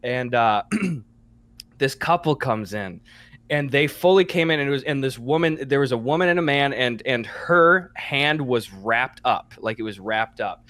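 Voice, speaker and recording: A young man co-hosting a podcast, telling a story in casual chat, animated and swearing casually. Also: mid-range voice, measured pace, no echo. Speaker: podcast co-host.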